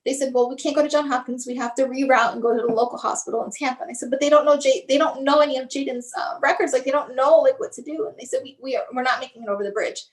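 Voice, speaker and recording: Female guest, high voice, halting emotional storytelling, lots of "like", acts out quotes. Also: steady tone. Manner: halting, restarts often, fills with "like"; acts out others' lines in her retelling. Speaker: guest, bereaved mother.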